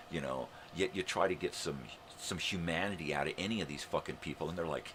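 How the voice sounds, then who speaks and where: The extremely low, creaky, slightly bright voice belongs to an older United States man hosting a live morning show, speaking expressively at a moderate pace. He delivers a mocking, sarcastic rant thick with swearing, over a little hiss or hum.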